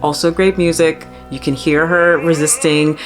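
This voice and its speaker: A woman's voice: low voice, little pitch movement, normal speed, music in the background. A young woman who is an opera singer and channel host, chattily and enthusiastically explaining an opera plot.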